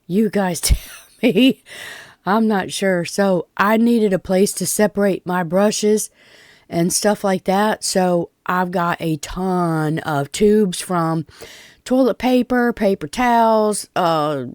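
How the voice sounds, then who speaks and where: A woman's voice: medium pitch, takes it slowly, darkish tone, no room sound, clean studio sound. A Southern woman talking through a craft project in a chatty, folksy, self-deprecating way, congested from pollen and a bit short of breath. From Tennessee. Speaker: DIY vlogger. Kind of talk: casual craft tutorial.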